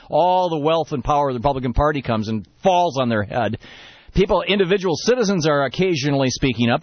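A man's voice: on the high side, no room sound, lo-fi sound. A man hosting a radio talk show, telling a long story and then ranting emphatically about politics. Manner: rambling storyteller, building to emphatic rant. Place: radio studio.

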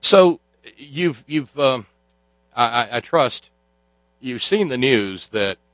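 A man's voice: medium pitch, expressive, slow pace, fairly bright tone, no echo. A man hosting a talk show, delivering a sardonic monologue full of fillers and restarts. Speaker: host.

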